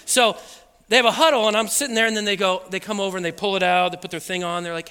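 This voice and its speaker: A lively, high-pitched male preacher tells a comic story from the pulpit, acting out voices and sound effects as he laughs along. His voice is very bright and sharp, and it rings out through a large hall with a long reverb. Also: fast, clear, resonant tone. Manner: animated storytelling, acts out voices and beeps, laughs often. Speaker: pastor. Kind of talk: sermon with a comic personal story.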